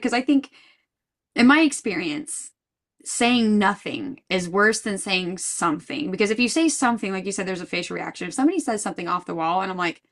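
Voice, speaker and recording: A woman's voice: mid-range voice, a bit bright. A woman guest in a podcast interview, speaking earnestly and thoughtfully, often restarting her sentences. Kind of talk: casual interview chat.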